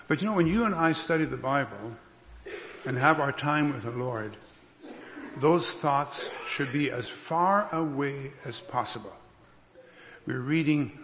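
A man preaching a sermon as a pastor, unhurried, with restarts and careful emphasis. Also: mid-range voice, lively intonation, fairly bright tone. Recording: long reverb of a hall.

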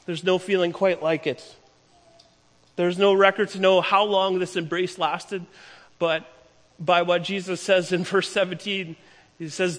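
A man preaching a sermon, retelling a story with emphatic, slowing delivery. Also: high voice, fairly even intonation. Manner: storytelling, emphatic, slows down for key lines. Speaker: pastor. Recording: long hall reverb.

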